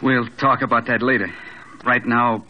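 An actor playing a guarded, hard-bitten small-time gangster who talks in curt, deadpan slang, in 1940s radio acting. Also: male voice, mid-range voice, moderate pace, natural voice. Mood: gruff. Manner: slangy tough-guy talk, curt and deadpan. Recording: muffled old radio broadcast.

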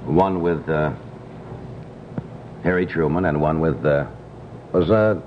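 A man's voice: rumbling low, fairly even intonation, takes it slowly. A man hosting a talk show, chatting casually in a friendly way, with many fillers. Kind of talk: casual interview chat. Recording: dull old TV audio with clear hiss.

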